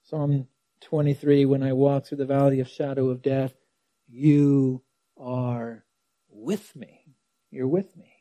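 A man's voice: mid-range voice, flat delivery, takes it slowly, dark tone, dry recording. A man preaching a sermon, reading scripture aloud and stressing key words, sometimes dropping almost to a whisper. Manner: dramatic quoting of scripture.

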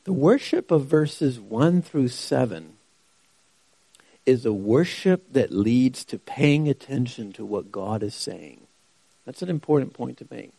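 A man's voice: medium pitch, animated, a little slow, creaky, dark tone, dry recording. A man preaching a sermon who asks rhetorical questions and repeats key phrases for emphasis. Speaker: pastor.

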